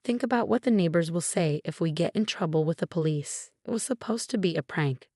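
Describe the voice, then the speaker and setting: A woman's voice: fairly low pitch, animated, brisk, a little mellow, dry recording, clean studio sound. A woman voicing a scheming, cold mother-in-law in a narrated story, sweet-talking then defensive.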